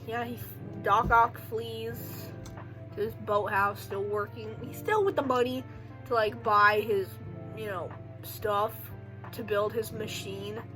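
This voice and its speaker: A woman's voice: medium pitch, fairly even intonation, takes it slowly, sharp tone, soft background music, poor audio. A young woman casually recapping a film in a rambling way, full of "like" and joking asides. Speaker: video creator recapping a film.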